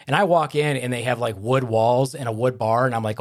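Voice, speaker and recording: This male podcast host has a medium-pitched voice and talks a little fast with few pauses. His casual chat is full of stories, and he brings the quoted characters to life as he goes.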